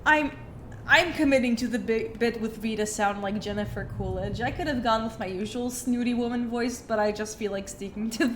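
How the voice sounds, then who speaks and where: A woman's voice: on the high side, normal speed, slight background noise. A woman streamer with a cold, chatting through a story game and thinking aloud with many fillers. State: has a cold. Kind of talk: casual game playthrough commentary.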